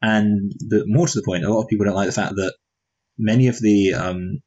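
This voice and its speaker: A man's voice: on the low side, steady tone, brisk, darkish tone, husky, dull audio. A married man co-hosting a movie review podcast, chatting casually with wry jokes and meandering asides. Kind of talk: casual chat.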